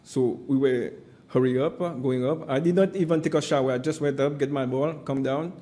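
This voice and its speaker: His voice is dark, warm and of medium pitch as this Seychellois witness, whose first language is Seychellois Creole, gives hearing testimony in English. Halting speech, frequent "uh"s and a persistent "my friend" mark how he presses his case.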